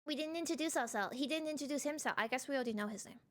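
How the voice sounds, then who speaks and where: A woman's voice: high voice, rapid-fire, noisy background. A woman streaming a game at home on a desk mic, chatting in a self-mocking way and reading the dialogue aloud. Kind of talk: casual let's play chat, reading game dialogue. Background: game music.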